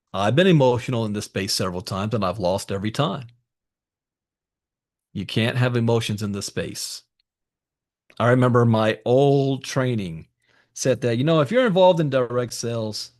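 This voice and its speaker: A man hosting an education call, giving emphatic motivational coaching and repeating his key advice straight to the listeners. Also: medium pitch. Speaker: host of a crypto education call.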